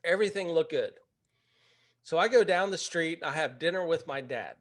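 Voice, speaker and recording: Animated male storyteller, higher voice, casual and chatty with laughs. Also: moderate pace. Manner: animated, laughs while telling. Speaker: real estate investor and webinar host.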